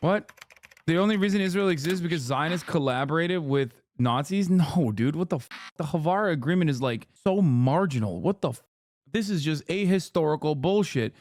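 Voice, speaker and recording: A man's voice: on the high side, animated, normal speed, a little mellow. Profane, riffing male streamer. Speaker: streamer host. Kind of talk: reaction commentary.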